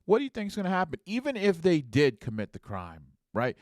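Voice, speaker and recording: A man's voice: a little high, huge pitch swings, brisk, darkish tone, no room sound, clean studio sound. A man hosting a podcast who talks casually and keeps checking in with rhetorical "right?" asides. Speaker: podcast host.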